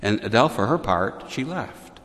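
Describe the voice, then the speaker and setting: A male preacher telling a devotional story in a sermon, measured, with wry asides to the congregation. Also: fairly low pitch, lively intonation, fairly bright tone, in a large hall.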